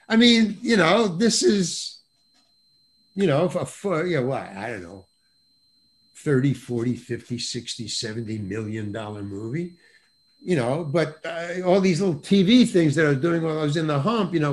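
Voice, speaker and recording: An older man, a guest actor on a video call podcast, telling an animated anecdote with many restarts and acted-out voices. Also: on the high side, moderate pace. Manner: lively, acts out other people's voices, repeats and restarts words.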